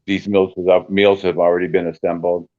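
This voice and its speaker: A man guest speaking earnestly and warmly about his holiday plans, halting with fillers. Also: deep voice, flat delivery, no room sound, dull audio. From Peoria, Illinois area. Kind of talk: casual chat.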